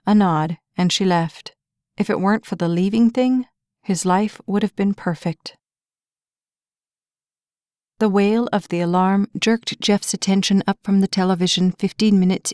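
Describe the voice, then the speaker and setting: Woman, audiobook narrator, measured storytelling, middle pitch, dry close mic. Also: darkish tone, clear, resonant tone, no echo.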